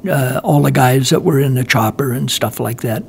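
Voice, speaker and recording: A man's voice: medium pitch, normal speed, creaky, a little hiss or hum. An older man, a guest, telling a long war story in casual chat, rambling with many restarts and chuckling as he goes. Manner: rambling, restarts often, laughs while telling.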